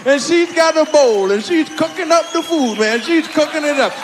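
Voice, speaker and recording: A man doing a squeaky, prim old father. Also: lively intonation, long reverb tail, a crowd in the background, noisy background. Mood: storytelling. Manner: slow, fussy and deliberate, with high squeaky exclamations. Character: prim, fussy older father scolding about filth. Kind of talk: stand-up impression. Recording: live stand-up with audience.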